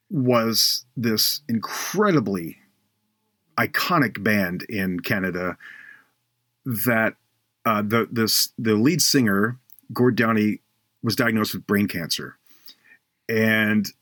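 A man hosting a faith podcast, telling a personal story earnestly and slowing down for emphasis. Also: on the low side, a bit bright, no room sound, studio quality.

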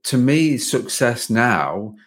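A man's voice: medium pitch, very animated, slow, a bit bright. A man hosting a podcast, talking in a loose, rambling way with many restarts. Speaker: podcast host. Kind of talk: casual interview chat.

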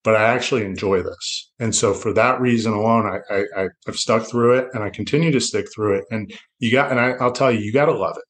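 Speaking fairly quickly with few pauses, this man has a fairly low voice. As a podcast guest, the middle-aged loan officer from South Florida rambles reflectively through casual interview talk, often starting sentences over.

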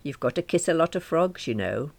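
A woman's voice: low-pitched, lively intonation, fairly quick, gravelly, a little mellow, pitched above the performer's own voice, exaggerated voice. A woman voicing a pushy, worldly female friend who hands out breezy advice.

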